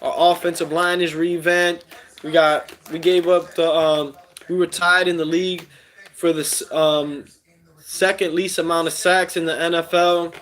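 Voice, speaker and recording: A man hosting a casual live stream, reading chat aloud in a relaxed way with many fillers. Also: on the high side, measured pace. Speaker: streamer host.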